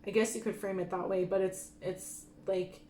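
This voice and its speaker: A woman giving a gentle pick-a-card tarot reading who gets openly emotional and laughs softly. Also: mid-range voice, little pitch movement, moderate pace, slight background noise. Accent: Michif-speaking Métis greeting and French sign-off. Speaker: tarot reader. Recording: echoey room with faint ambience.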